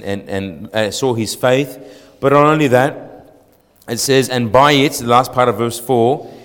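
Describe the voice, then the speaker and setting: A man preaching a sermon. He moves between quiet, reflective passages and loud, building exhortation full of repeated rhetorical questions. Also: medium pitch. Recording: long hall reverb.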